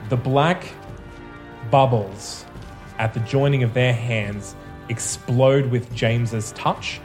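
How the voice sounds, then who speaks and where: A man running a tabletop game, narrating slowly with halting pauses and fillers. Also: medium pitch, fairly even intonation, a little mellow, faint music behind. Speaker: game master.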